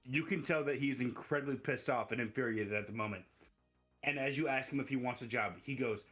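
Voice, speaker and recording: A man's voice: mid-range voice, fairly quick, fairly bright tone, soft background music. A man running an online tabletop game as game master, narrating casually with frequent laughs and swearing.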